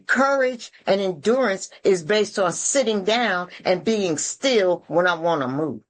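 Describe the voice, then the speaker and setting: A woman from Atlanta, speaking at a recovery meeting in a blunt, earthy, preachy way with folksy slang and swearing, heard over a video call. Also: medium pitch.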